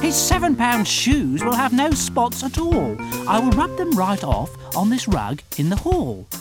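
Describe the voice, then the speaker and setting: A cocky, mischievous storybook cat in a tall hat, as a woman reads him aloud. He brags in a bouncy, lilting sing-song that climbs up high, with soft music underneath. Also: wildly swooping pitch, unhurried. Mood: boastful. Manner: boastful, playful, sing-song.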